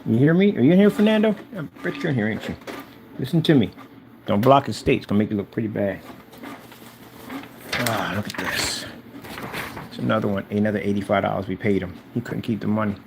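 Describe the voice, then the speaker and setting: A man with a lowish, creaky voice speaks fairly quickly, pausing often, over some background noise. He's ranting at someone who isn't there, taunting and confrontational, hammering the same mocking jabs again and again.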